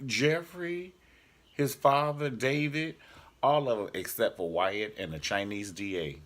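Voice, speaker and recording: A man's voice: medium pitch, measured pace, a bit bright. A man casually reviewing a TV drama episode in a sassy, joking vlog style. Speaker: TV show reviewer.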